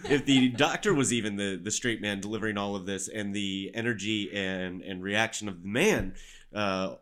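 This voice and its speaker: A man talking casually on a discussion panel, thoughtful and measured, with frequent fillers. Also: on the low side, a bit bright.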